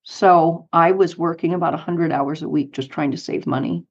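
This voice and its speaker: A woman's voice: sits low, moderate pace, lo-fi sound. Middle-aged woman telling stories. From United States, Colorado. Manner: animated anecdotes with light laughs. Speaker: guest, author and speaker. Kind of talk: storytelling interview.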